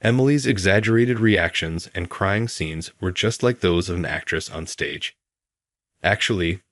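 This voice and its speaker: Male narrator, very low voice, calm and even delivery, dry close recording. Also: no room sound. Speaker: storyteller. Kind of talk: scripted first-person story narration.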